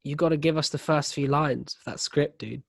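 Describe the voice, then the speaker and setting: A man's voice: on the high side, steady tone, fairly quick, vocal fry, no room sound, studio quality. A man hosting a podcast, teasing his friend in casual, laughing chat with plenty of swearing. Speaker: podcast host.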